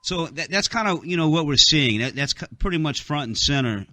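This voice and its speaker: A man's voice: on the high side, expressive, a little fast, sharp tone, no room sound. A man hosting a talk radio show, rambling through a casual monologue with many fillers, and he has the hiccups.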